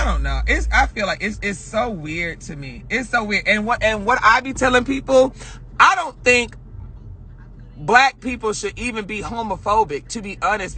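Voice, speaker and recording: A man's voice: high-pitched, pushed and bright, breathy edge. A man livestreaming from his car, ranting with passion and heavy swearing. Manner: emotional, profane, passionate. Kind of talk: casual heated rant on a live stream. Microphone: phone.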